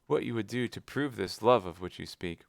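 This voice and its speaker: A man's voice: lowish voice, moderate pace, creaky, no echo, clean studio sound, voice pushed up. A man reading aloud voicing a cold, seductive noble lady in a sly, coaxing, raised voice. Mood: scheming. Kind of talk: audiobook reading live.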